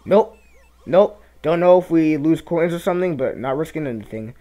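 Young guy doing let's play commentary, kinda high voice, yelps and mumbles at the game. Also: fast talker. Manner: excitable, reacts loudly to the game, mutters asides. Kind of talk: casual gameplay commentary.

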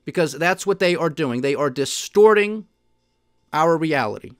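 Male podcast host, fairly high-pitched, emphatic and indignant. Dry, close sound. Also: animated, a little slow, no room sound. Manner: emphatic, indignant, mocking quoted officials. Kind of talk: solo commentary.

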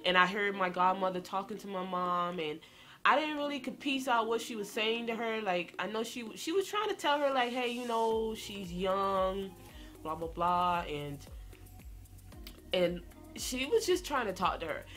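A young woman vlogger telling a personal story in a slangy, animated way, speaking straight to her viewers. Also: mid-range voice, moderate pace, faint music behind. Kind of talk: storytime vlog.

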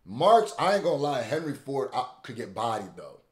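A man hosting a reaction video, commenting casually with loud excited exclamations and repeating lines back. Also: mid-range voice, a little fast, few pauses, reverberant.

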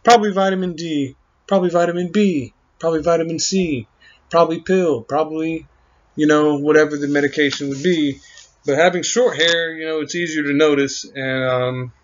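A man talking in a rambling, halting monologue, full of fillers and trailing thoughts. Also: fairly high pitch, steady tone. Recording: muffled lo-fi recording.

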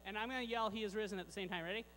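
A man's voice: high-pitched, rapid-fire, bright, forceful tone. A man giving a playful children's sermon in a large church, joking with the kids and the congregation. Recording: long church hall reverb, mains hum.

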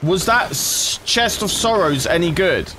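A man's voice: high-pitched, animated, a little slow, background noise. A man commentating live as he plays, swearing and talking to his chat. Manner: swearing, frustrated, talks to chat. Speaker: gaming streamer.

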